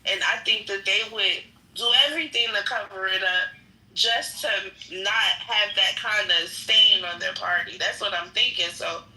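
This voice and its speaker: Bright, rambling woman in an echoey room. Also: mid-range voice, moderate pace, distant mic. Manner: rambling, many fillers and restarts. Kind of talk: casual opinionated chat.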